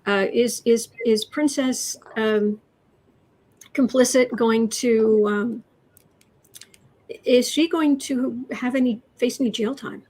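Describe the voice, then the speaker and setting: A woman hosting a casual tarot reading chat, talking haltingly with fillers and restarts. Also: on the high side, steady tone, darkish tone. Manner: mimics the person she reads about. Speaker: host, tarot reader.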